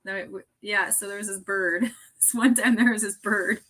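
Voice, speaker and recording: A woman's voice: medium pitch, steady tone, normal speed, a bit bright. A middle-aged woman co-hosting a casual late-night live stream, bubbly and chatty, pulling tarot cards and laughing often.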